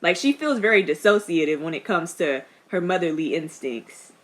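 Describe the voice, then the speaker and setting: A young woman giving casual reaction commentary. She is chatty and expressive, laughs often, and talks back at the screen. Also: fairly low pitch, normal speed, faint music behind. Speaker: reaction vlogger.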